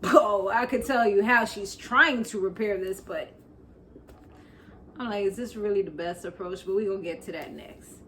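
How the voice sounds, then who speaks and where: A woman's voice: mid-range voice, normal speed, fairly bright tone, a little hiss or hum. A New York woman casually recapping a TV episode, laughing often and acting out the characters' lines. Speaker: recap vlogger.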